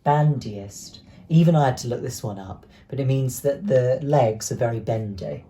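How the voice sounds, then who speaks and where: A young man, teaching an online lesson to primary school children in a clear, encouraging way. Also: medium pitch, moderate pace, mellow. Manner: clear, encouraging, speaks to pupils directly.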